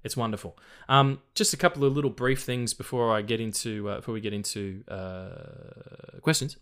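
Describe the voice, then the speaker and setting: A man hosting a casual film podcast, relaxed, swearing now and then and reading out trivia. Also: lowish voice, normal speed, clear, resonant tone. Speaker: podcast host.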